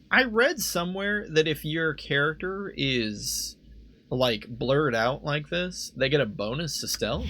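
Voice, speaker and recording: A man's voice: a little high, vocal fry, sharp tone, a little hiss or hum. Rambling young man playing a game. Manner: rambling, self-questioning, laughs easily. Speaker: let's play host. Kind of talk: casual game commentary. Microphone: desk microphone.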